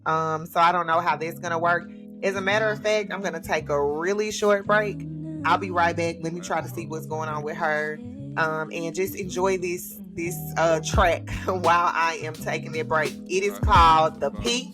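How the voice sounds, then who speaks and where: A woman hosting her own livestream from home, talking in a relaxed, chatty way and laughing often. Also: lowish voice, moderate pace, music in the background. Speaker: livestream host. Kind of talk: casual livestream chat. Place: home with children.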